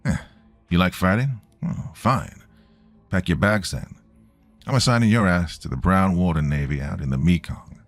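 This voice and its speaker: A man's voice: low-pitched, moderate pace, no room sound, soft background music. A man voicing a bullying, bigoted male navy captain who taunts a young sailor. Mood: contemptuous. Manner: sneering, taunting.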